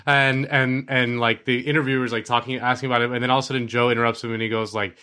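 Man on a podcast telling an anecdote, bright voice, animated, mimics the people he quotes. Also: mid-range voice, fast, few pauses, clear, resonant tone. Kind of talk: casual storytelling among friends.

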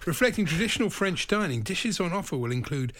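A man's voice: sits high, very animated, quick pace, fairly bright tone. A man with a British accent co-hosting a radio show, chatting in a dry, wry way and laughing often. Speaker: radio co-host. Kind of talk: casual radio chat.

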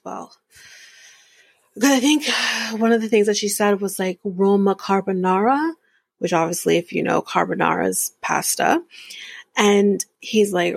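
A woman's voice: mid-range voice, creaky, husky, no echo. A woman hosting a podcast, recapping a reality show in a candid, chatty way with frequent laughs. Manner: chatty, candid, laughs often, drifts into whispered asides. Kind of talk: casual chat.

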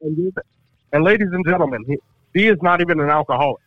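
A man's voice: fairly high pitch, animated, quick pace, no room sound, narrow, tinny audio. A man co-hosting a podcast in casual, profane chat, joking and laughing often. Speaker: podcast co-host.

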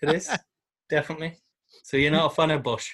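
A man co-hosts a film podcast in loose, joking chat, breaking into laughter as he tells stories. His voice is husky and sits a little high for a man. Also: steady tone, fast, a bit bright. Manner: laughs often, jokey storytelling. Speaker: podcast co-host. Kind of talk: casual chat.

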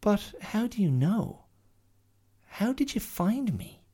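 A man's voice: high voice, very animated, slow pace, mellow, breathy edge, voice pushed up, exaggerated voice. A man voicing a small, timid, tearful girl in a storybook reading, with a wondering, plaintive way of asking things.

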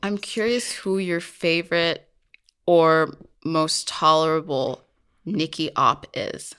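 A woman's voice: low-pitched, steady tone, slow pace, fairly bright tone, clear, resonant tone. A woman co-hosting a podcast, asking curious questions in casual chat and laughing easily. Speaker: podcast co-host.

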